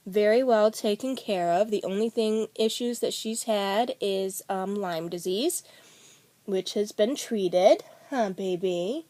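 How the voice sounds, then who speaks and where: Middle-aged woman vlogger, casual and rambling, mid pitch, dry close recording. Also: slow pace, dark tone, no room sound. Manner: rambling, many fillers and restarts. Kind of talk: casual storytelling to camera.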